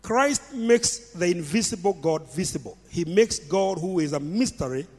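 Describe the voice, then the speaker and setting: A man preaching a midweek sermon in a fairly high voice, pressing his points by repeating phrases. His words ring out with a long reverb trailing behind them, as if he is in a church hall. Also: lively intonation, normal speed, a little mellow, breathy edge. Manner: emphatic, repeats phrases for stress. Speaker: pastor.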